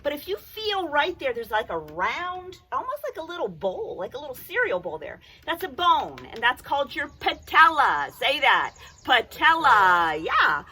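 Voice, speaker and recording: Bright, lively woman teaching young children. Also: sits high. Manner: slow, lively, sing-song teacher talk to young children. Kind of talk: children's phonics lesson with singing.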